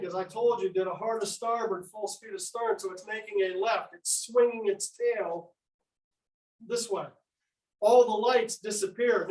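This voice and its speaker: A man giving a history lecture to an audience, telling the story with lively acted-out dialogue. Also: sits high. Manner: storytelling, acts out quoted dialogue. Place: museum lecture room. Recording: echoey room, speaker far from mic.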